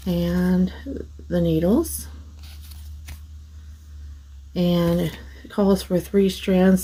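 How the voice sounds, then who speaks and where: A middle-aged woman hosting a craft vlog, gently showing off mail she received and gushing over each piece. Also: lowish voice, husky, poor audio. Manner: slow, gentle, gushing over small things. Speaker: craft channel host. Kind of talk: casual show-and-tell vlog.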